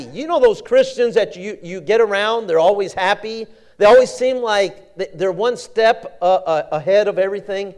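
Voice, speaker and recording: A man's voice: high voice, expressive, normal speed, few pauses, a little mellow. A man preaching a sermon in a folksy, conversational storytelling way, often repeating words and restarting.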